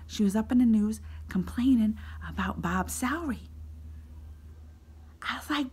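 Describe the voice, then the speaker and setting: High-voiced animated woman vlogger. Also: measured pace, long pauses, slightly rough. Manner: swings between excited shouts and whispered asides; acts out her own lines in quotes. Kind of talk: animated reaction storytelling.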